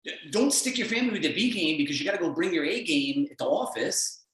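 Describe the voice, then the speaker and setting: Energetic male coach in an echoey room. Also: sits high, quick pace, far from the mic. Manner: blunt, emphatic, energetic pep talk. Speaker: performance coach. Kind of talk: motivational talk on a call.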